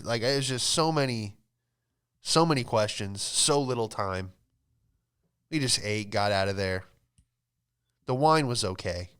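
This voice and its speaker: A man's voice: mid-range voice, fairly bright tone, smooth. A man hosting his own podcast, telling a rambling, profane, exasperated story with frequent laughs. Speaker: podcast host and comedian. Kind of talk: casual storytelling monologue.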